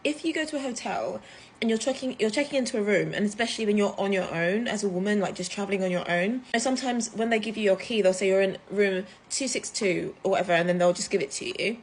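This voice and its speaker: A woman from the UK, telling a story to camera in a chatty, animated way, full of fillers. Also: mid-range voice, fast, slight background noise. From United Kingdom. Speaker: vlogger. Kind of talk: casual storytime vlog.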